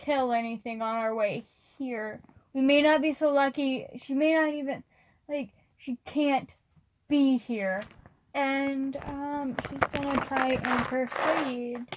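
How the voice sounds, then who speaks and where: High-voiced woman narrating a tabletop game. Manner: rambling, halting with many fillers. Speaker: game master. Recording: faint background noise.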